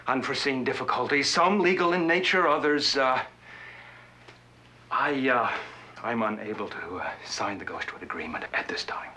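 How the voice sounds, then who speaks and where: A man's voice: mid-range voice, normal speed, bright, forceful tone, slight background noise, natural voice. An actor playing a scheming, theatrical middle-aged businessman in a TV drama, with florid, melodramatic pleading. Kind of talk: TV drama acting. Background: music.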